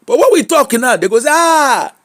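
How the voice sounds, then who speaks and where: Nigerian male streamer, high-pitched, animated and mocking, ranting monologue. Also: fast. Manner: animated Pidgin rant, mocking, laughing.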